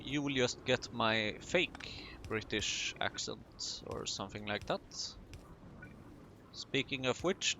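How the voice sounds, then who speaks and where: Guy chatting slow over his factory game, gravelly voice, bright edge, joking at himself. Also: medium pitch, slight background noise. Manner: chatty, self-mocking asides while building. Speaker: gaming video host. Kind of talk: casual let's-play commentary.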